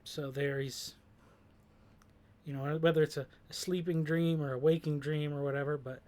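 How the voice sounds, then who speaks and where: Here a man hosting a discussion considers a song's lyrics, hesitating, filling gaps and restarting as he reflects. His voice is a little high and darkish, with fairly even intonation and a moderate pace.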